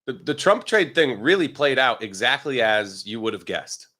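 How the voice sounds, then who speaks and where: A man appears as a guest trader on a markets show. He speaks bluntly and at a measured pace. His voice is mid-pitched. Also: sing-song, pushed and bright. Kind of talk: casual chat.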